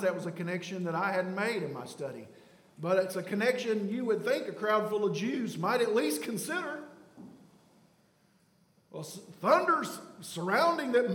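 A man preaching a sermon as pastor, emphatic, swinging between loud declarations and hushed lines. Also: sits high. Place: church sanctuary. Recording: echoey church hall.

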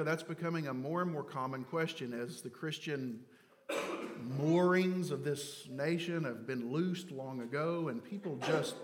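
A pastor delivers a sermon that swings between loud, emphatic phrases and hushed, low words, with a long hall reverb on the recording.

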